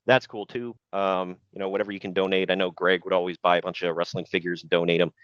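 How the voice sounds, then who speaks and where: A man's voice: sits low, flat delivery, quick pace, clear, resonant tone, dry recording. A man hosting a podcast in casual chat, easygoing and rambling with lots of fillers and restarts. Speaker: podcast host. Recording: dull, lo-fi sound.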